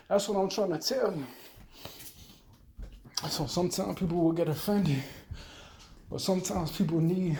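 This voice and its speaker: A man's voice: sits high, a little mellow, slight background noise. A man ranting in a loose, rambling, profane monologue. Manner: profane, loose, rambling, talks fast then trails off. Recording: roomy echo.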